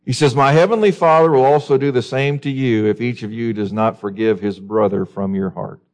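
A male pastor delivering a sermon with passion and conviction. His voice climbs sharply into high, insistent peaks as he quotes scripture, then drops back to press the congregation with pointed questions. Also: fairly quick. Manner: impassioned, rising to high emphatic peaks when quoting scripture.

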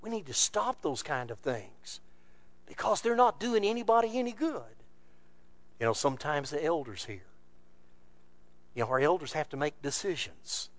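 High-voiced preacher swinging loud and soft. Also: male voice, big pitch swings, normal speed, long pauses, no echo. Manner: swings from loud emphatic bursts to low, quiet passages. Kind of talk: sermon.

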